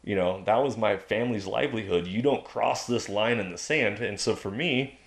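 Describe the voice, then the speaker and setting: A man's voice: fairly low pitch, normal speed, gravelly. A man talking as a guest on a podcast in a casual chat, emphatic and preachy as he drives his points home.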